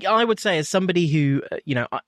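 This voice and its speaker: A man's voice: a little high, animated, very fast, a bit bright, no room sound. Reflective man in a dry close recording. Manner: reflective, hedging with many fillers. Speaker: panelist in a cybersecurity discussion. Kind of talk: casual panel discussion.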